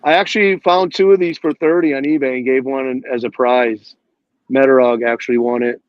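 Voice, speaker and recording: A man's voice: mid-range voice, steady tone, a little fast, no room sound. A man showing off comic books in a casual video-call chat, telling stories as he goes. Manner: chatty show-and-tell, storytelling. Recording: dry, dull lo-fi call audio.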